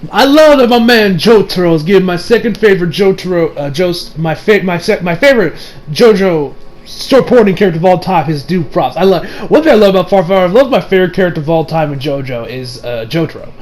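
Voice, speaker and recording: Excitable young male anime reviewer, high and lively, rambles and swears. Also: a little fast. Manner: excitable, profane, acts out scenes; rambling with many restarts. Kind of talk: casual video review.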